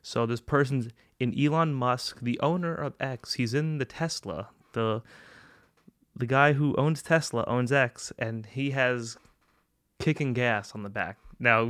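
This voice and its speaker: A man's voice: medium pitch, measured pace, no echo, clean studio sound. Profane ranting young man podcast host. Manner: profane, animated rants with mocking put-on voices. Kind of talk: casual comedic monologue.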